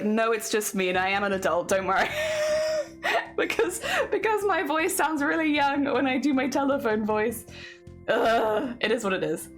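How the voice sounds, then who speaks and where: Chatty southern English woman streamer. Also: medium pitch. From southern England. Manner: chatty, laughs often. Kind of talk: casual chat with viewers. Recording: faint music behind.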